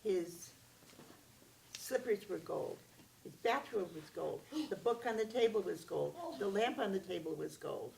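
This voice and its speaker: Woman storyteller, gravelly voice, expressive, distant mic with faint noise. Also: on the low side. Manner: expressive, with sound effects and acted voices. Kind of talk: animated oral storytelling to a child.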